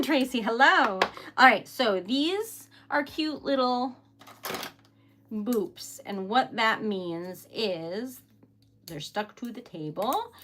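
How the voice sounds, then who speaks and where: A woman's voice: on the high side, a bit bright, a little hiss or hum. Bubbly giggly woman livestreaming crafts. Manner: bubbly, giggly, chatty, self-described emotional. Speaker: livestream host making wax seal crafts. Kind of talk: casual livestream chat.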